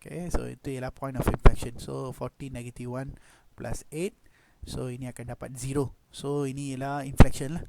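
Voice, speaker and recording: A man's voice: mid-range voice, flat delivery, a little fast, gravelly. A man with a Malaysian accent teaching a math class, mixing English and Malay and saying "okay" and "lah" often. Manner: code-switches between English and Malay, frequent "okay" and "lah". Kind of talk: online class lecture. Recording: loud background noise with clicks.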